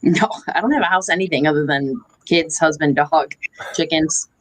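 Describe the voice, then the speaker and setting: A woman chatting casually in a sewing circle, telling lively stories. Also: low-pitched, moderate pace, dry recording, low-quality recording. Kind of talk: casual chat.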